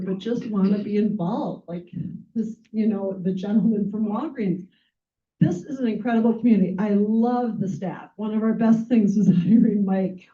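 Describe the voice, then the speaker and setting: Halting, gushing woman heard from far off. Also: medium pitch. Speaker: departing nonprofit chapter staff member. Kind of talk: farewell speech at an event. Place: event room with audience. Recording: distant tinny phone-like recording.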